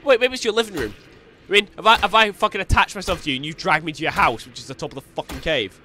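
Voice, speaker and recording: A young Scottish man commentating a video game, swearing a lot and taunting an enemy with loud bursts of shouting. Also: a little high, fast, soft background music. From Scotland. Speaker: gaming youtuber. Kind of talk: let's play commentary.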